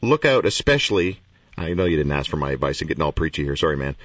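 A man hosting a radio interview, chatty and self-deprecating, talking in quick bursts. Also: rumbling low, big pitch swings, dry recording. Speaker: radio host. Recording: dull, distant from the mic.

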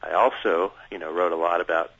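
A man with a very deep voice speaks earnestly and at length as a radio guest. His delivery is measured and candid, and the sound is dull and dry. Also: steady tone, fairly bright tone, dry recording. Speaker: interview guest.

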